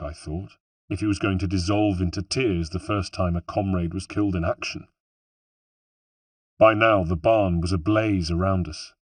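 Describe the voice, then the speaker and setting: Husky low-voiced male audiobook narrator. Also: dry recording, distant mic. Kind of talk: first-person audiobook narration.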